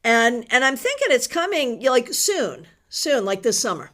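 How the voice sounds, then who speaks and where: A middle-aged woman hosts a tarot livestream, chatting with viewers and reading their comments aloud. She speaks with open emotion, and her voice sits a little higher than most. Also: sing-song, normal speed, a bit bright. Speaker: tarot reader host.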